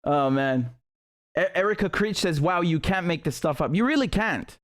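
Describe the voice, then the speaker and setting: A man's voice: on the high side, lively intonation, normal speed. A man hosting a live political stream, talking in a heated, sarcastic way with many restarts.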